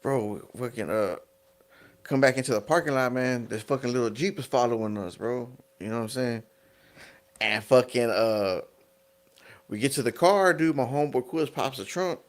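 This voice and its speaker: A man's voice: mid-range voice, normal speed. A man from Texas, a podcast guest, telling a long profane story in casual streetwise talk, full of "you know what I'm saying". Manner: animated when acting out quoted people.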